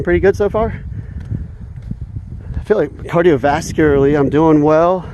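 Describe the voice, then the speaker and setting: A man's voice: on the high side, dark tone, slight background noise. A man vlogging while walking outdoors in the evening, talking in a heated, indignant way and chuckling often between points. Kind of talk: casual rant while walking.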